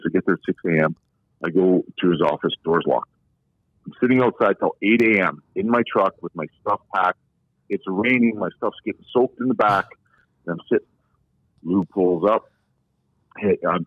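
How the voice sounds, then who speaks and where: Low-voiced man over a thin phone line. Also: dry recording. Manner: long-winded, candid storyteller. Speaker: podcast guest, former pro hockey player. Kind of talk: casual anecdotal storytelling.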